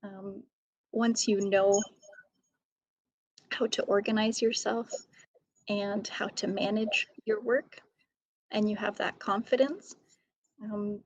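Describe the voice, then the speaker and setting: A woman author and educator answering interview questions in a measured way, with many ums. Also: mid-range voice, steady tone, no echo, highs cut off.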